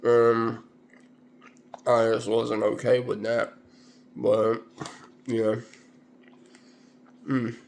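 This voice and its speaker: A man rambling in a relaxed, unhurried way, his voice gravelly with vocal fry. He talks to his viewers at a slow, easygoing pace, with plenty of fillers. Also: mid-range voice, slight background noise. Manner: rambling, laid-back, full of fillers. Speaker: vlogger. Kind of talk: casual chat.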